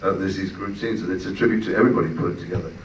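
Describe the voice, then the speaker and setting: Low-voiced man in an echoey hall. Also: very fast, a little hiss or hum. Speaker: voice actor on a panel. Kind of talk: panel Q&A answers. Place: screening venue. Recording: echoey hall, distant mic.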